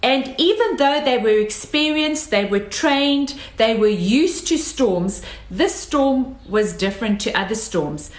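A woman delivers a sermon at a slow, deliberate pace, repeating phrases for emphasis. Her voice sits a little high. The sound carries a noticeable room echo. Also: animated. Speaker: preacher. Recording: echoey room.

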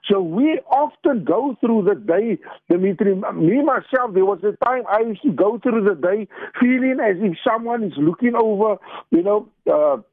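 A man's voice: high voice, expressive, moderate pace, dry recording. Evangelist guy preaching down a tinny dry phone line, earnest, keeps repeating himself. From South Africa. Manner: earnest, repeats phrases for emphasis. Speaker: evangelist, radio guest. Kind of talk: devotional talk over the phone on radio. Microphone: telephone.

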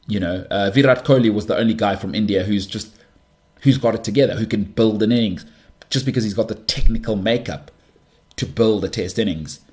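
Animated South African man, low voice. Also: a little fast. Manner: animated, banter-heavy, frequent restarts. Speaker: podcast host. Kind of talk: casual monologue.

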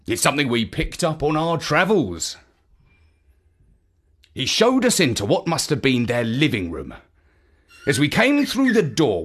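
A woman reading a children's story aloud in an expressive storytelling manner. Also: sits low, husky.

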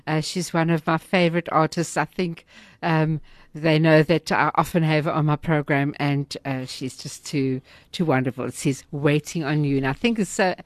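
A woman's voice: low voice, steady tone, normal speed, dry recording. Emotional woman radio host. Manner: warm, emotional, hesitant with many fillers. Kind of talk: casual radio hosting.

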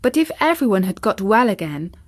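A woman storyteller reading a children's chapter book aloud in a gentle, measured way. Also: mid-range voice, very animated.

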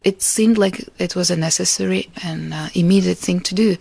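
Gravelly, husky Russian-born woman. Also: fairly low pitch, moderate pace, no echo. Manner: earnest, reflective, laughs softly between thoughts. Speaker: artist and interviewee. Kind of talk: interview answers.

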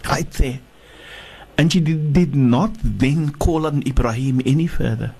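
A man, a sheikh and guest speaker, telling a religious story in a slow, halting way with many restarts. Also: medium pitch, vocal fry, mellow, slightly rough. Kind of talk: storytelling sermon.

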